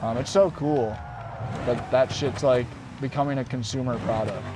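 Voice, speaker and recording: A man live-streaming from inside his van, chatting casually with viewers and his dog, excitable and swearing freely. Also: mid-range voice, moderate pace, background noise. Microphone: desk mic.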